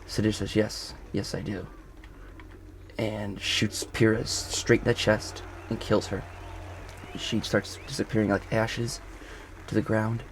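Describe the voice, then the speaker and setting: Picture a man talking a show recap outdoors with faint ambience behind him. His voice sits low and gravelly, and he rambles, backtracks and corrects names mid-sentence. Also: little pitch movement, a little slow, slight background noise. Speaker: video reviewer. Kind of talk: casual spoken review. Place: outdoors on a golf course.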